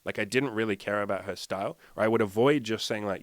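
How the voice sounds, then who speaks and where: A man talks straight to his listeners as a dating coach, blunt and heavy on swearing. His voice sits on the low side and the sound is dry and close. He slips into little acted-out exchanges as he goes. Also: quick pace, hardly any pauses, no room sound. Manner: blunt, profane, acts out quoted dialogue. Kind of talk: casual monologue to camera.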